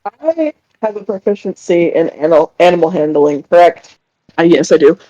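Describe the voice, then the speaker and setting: A man's voice: a little high, moderate pace, dark tone, dry recording, lo-fi sound. A man playing in a tabletop game, asking hesitant questions about his turn. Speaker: player. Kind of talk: casual chat in a tabletop game.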